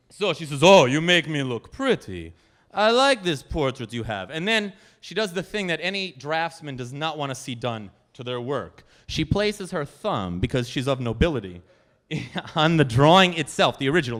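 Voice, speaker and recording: A man telling a personal story at a live storytelling event, animated and chatting with the audience. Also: a little high. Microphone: handheld stage microphone.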